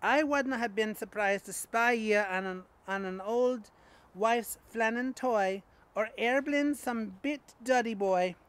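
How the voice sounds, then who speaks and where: A man's voice: high-pitched, a little slow, fairly bright tone, smooth. A man reading a poem aloud in a put-on Scottish accent, voicing an indignant churchgoer who scolds a louse. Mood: scolding. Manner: declaiming verse in broad dialect.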